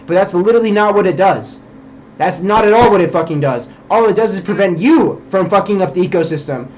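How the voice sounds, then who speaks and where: A man rants quickly through a live-stream monologue. His voice sits a little high, and he rambles and swears his way from point to point. The audio is slightly dull and muffled, with a faint hiss behind it. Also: darkish tone. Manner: rambling, profane, filler-heavy ranting.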